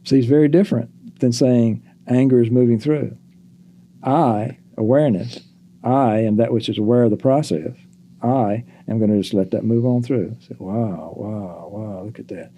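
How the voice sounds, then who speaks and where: An older man speaks in a deep, dark-toned voice with slow, halting phrasing. He reflects aloud as a guest in a relaxed podcast conversation. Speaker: psychologist guest.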